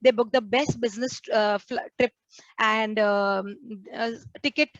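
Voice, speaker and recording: A woman's voice: fairly high pitch, fairly even intonation, unhurried, no room sound, lo-fi sound. A woman, a nun preaching a sermon to a prayer group and acting out the complaints she quotes. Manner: earnest, acts out quoted complaints.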